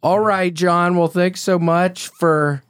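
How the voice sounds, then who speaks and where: A man's voice: high-pitched, steady tone, slow pace, clean tone, no room sound. A man hosting a podcast in a recording studio, joking and laughing between his lines. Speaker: podcast host. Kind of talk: casual chat.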